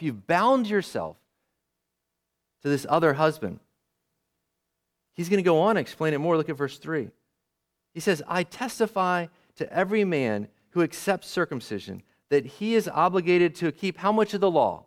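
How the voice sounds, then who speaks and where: Animated preaching man with lively pitch. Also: moderate pace. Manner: emphatic, conversational preaching with rhetorical questions. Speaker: pastor. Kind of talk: sermon.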